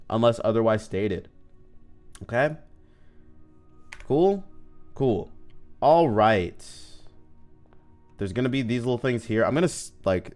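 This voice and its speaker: This man's voice is medium-pitched, a little mellow, and clean in tone. He's livestreaming gameplay, chatting and joking with his chat while he plays, as faint game music runs underneath.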